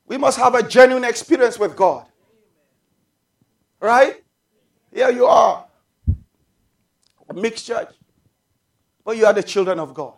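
A man preaching a sermon to his congregation, calling for amens and shouting out drawn-out phrases. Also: very high-pitched, lively intonation. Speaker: pastor.

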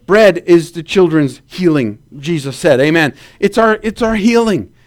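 A man preaching a sermon, telling stories in an animated way and asking the congregation to say amen. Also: a little high, measured pace. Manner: animated storytelling with calls for amen.

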